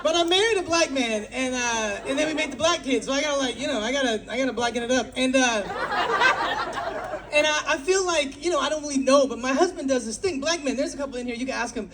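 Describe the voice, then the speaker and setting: A woman performing an animated stand-up set on a club stage, acting out little quoted voices. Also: high voice, fast talker, heavy background noise. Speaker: stand-up comedian. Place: comedy club stage with laughing crowd. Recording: loud crowd laughter.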